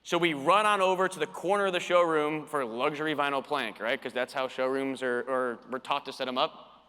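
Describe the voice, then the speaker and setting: A man giving a storytelling keynote talk at a conference, animated and acting out the quoted dialogue. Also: medium pitch, fairly quick, smooth. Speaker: conference speaker. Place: conference hall. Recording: long reverb of a conference hall.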